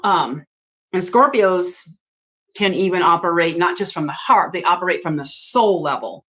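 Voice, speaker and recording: A woman's voice: on the low side, a bit bright. A middle-aged woman talks straight to her viewers as an astrology host, laying down blunt don'ts. Her delivery is emphatic and chatty, and she laughs often between points. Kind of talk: casual astrology talk to viewers.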